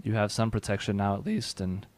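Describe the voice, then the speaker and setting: A man's voice: on the low side, animated, brisk, a little mellow, no room sound. Man running a tabletop game, dry sound. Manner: reads rules aloud, laughs between lines. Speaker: game master.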